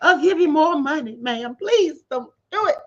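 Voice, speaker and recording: A woman's voice: sits high, animated, normal speed. A woman voicing a panicked man who begs tearfully for his life, on lo-fi audio. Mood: pleading. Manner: pleading, tearful.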